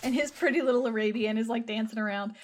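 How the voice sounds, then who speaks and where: Woman podcast co-host, casual film retelling, animated, laughs a lot, swears. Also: on the high side, fast, a little hiss or hum. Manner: animated storyteller, swears, laughs often, acts out quoted lines.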